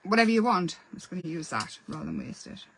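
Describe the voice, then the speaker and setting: A woman's voice: fairly low pitch, wildly swooping pitch, quick pace, gravelly, a bit bright, slight background noise, low-quality recording. A woman hosting a casual painting tutorial, chatty and self-deprecating as she explains while she works. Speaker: craft channel host.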